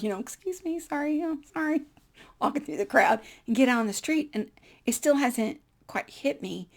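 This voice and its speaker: A woman from the United States telling a personal story in an animated way, acting out the dialogue and laughing often. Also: fairly high pitch. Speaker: speaker telling her life story.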